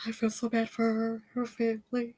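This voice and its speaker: A woman hosting her own commentary channel, talking emphatically and with emotion, sometimes sinking into a tired hush. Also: a little high, monotone, normal speed. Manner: emphatic, heated, sometimes drops to a weary hush. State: upset and emotional. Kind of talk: opinionated commentary monologue.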